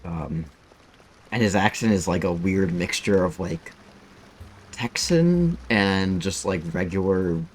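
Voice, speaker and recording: Low, husky-voiced male game streamer. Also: steady tone, a little slow. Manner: rambling, swears freely. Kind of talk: casual gameplay commentary.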